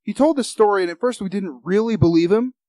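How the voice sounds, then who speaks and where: A man's voice: high voice, quick pace, warm tone, no echo. A young man co-hosting a casual podcast, telling a story with swearing and acted-out quotes of other people. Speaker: podcast co-host. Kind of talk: casual chat.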